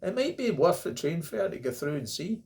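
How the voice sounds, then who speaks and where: A man's voice: fairly high pitch, very animated, moderate pace, a little mellow. A middle-aged Scottish man talking casually to camera as he reviews a beer, rambling and joking. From Scotland. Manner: chatty, rambling, jokey asides.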